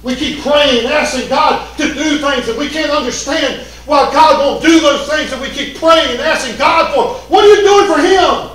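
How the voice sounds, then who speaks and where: A fervent male pastor preaching a sermon in a very high voice, often breaking into shouts. He sounds distant from the mic in a strongly echoing church sanctuary. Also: normal speed, few pauses. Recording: echoey church hall from a distance.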